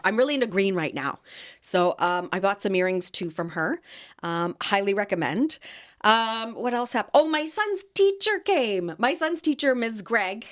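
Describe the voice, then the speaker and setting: Bright-ish and medium-pitched, a woman's voice carries casual, lively podcast chatter about her weekend selling at a market. She is in her thirties, from Canada, and laughs and uses fillers frequently.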